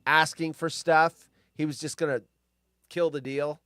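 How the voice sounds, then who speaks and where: Male stream host, slightly high voice, loose and rambling, swears freely, dry close mic. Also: fairly even intonation, unhurried, fairly bright tone, clear, resonant tone, no echo. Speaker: live show host. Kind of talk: casual chat, reading news stories aloud.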